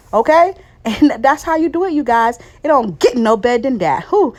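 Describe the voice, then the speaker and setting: A woman's voice: high-pitched, animated, moderate pace. A woman hosting a casual cooking tutorial, chatty and direct with viewers, calling them "baby" and checking in with "okay?" after each step. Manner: chatty, talks straight to viewers, calls them "baby", ends points with "okay?"; theatrical suspense and loud celebration during the reveal. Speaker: cooking channel host.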